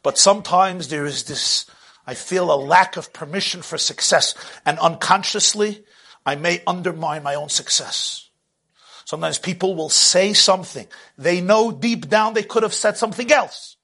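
Man, sermon, high voice, bright tone, animated, hushed to loud, laughs at own jokes. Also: moderate pace, creaky, breathy edge. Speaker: religious teacher.

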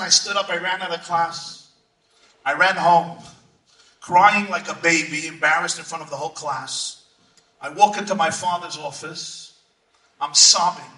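A man preaching as a rabbi, telling stories with sudden shouts and hushed asides. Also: high voice. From United States. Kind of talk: sermon. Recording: echoey room, far from mic.

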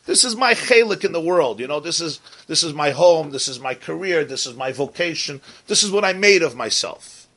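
A man's voice: fairly high pitch, lively intonation, moderate pace, a bit bright, slightly rough. A man giving a Torah class in English, pronouncing the Hebrew terms the Ashkenazi way, often repeating and rephrasing his points. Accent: Ashkenazi Hebrew pronunciation. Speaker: Torah teacher.

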